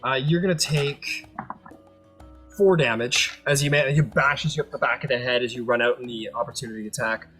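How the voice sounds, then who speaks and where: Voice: medium pitch, moderate pace, a bit bright, husky, soft background music. A game master narrating a tabletop game loosely, thinking aloud and losing count.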